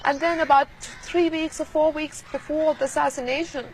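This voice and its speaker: Soft-spoken woman in an archival interview. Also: high-pitched, steady tone, background noise. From Pakistan. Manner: quiet, measured, reflective.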